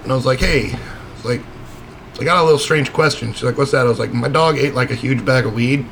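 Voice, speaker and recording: A man's voice: medium pitch, quick pace, vocal fry, fairly bright tone, slight background noise. A man co-hosting a casual talk show, telling a story in a laid-back way, swearing and laughing often. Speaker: podcast co-host.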